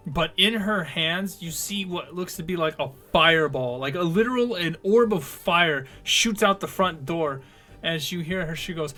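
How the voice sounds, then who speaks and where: Casual game master, high bright voice. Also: male voice. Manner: casual, swearing, many fillers. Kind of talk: narrating a tabletop game.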